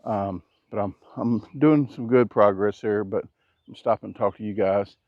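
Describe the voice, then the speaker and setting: Low-voiced man joking on an outdoor vlog. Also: normal speed, dry recording, lo-fi sound. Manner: joking, rambling, self-deprecating asides; keeping his naturally loud voice down. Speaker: vlogger. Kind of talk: casual vlog talk to camera. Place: outdoors at a backyard building site. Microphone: action camera.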